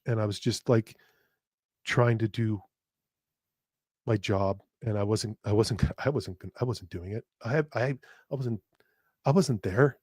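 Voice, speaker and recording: Man with halting, heartfelt podcast talk. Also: medium pitch, a little mellow, no echo, studio quality. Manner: halting and emotional, with frequent restarts and repeated words; blunt, with casual swearing. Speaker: podcast host. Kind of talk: candid personal podcast monologue.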